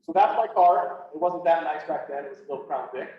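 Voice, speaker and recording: A man's voice: on the high side, brisk. Man telling a raw personal story. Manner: candid, blunt, acts out quoted dialogue. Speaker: public speaker, police officer. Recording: echoey, distant, slightly dull, faint hiss.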